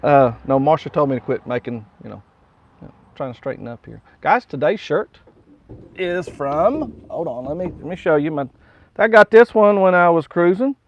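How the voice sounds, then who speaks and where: A man's voice: a little high, expressive, moderate pace, muffled recording. Folksy West Virginian man chatting live. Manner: rambling and folksy, reads viewer comments aloud and chuckles often. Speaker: host of a live morning coffee stream. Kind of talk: casual live-stream chat.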